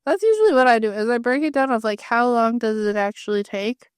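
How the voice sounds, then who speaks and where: Wry woman podcast co-host, slightly high voice. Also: fairly quick, smooth, no echo, studio quality. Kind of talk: casual chat.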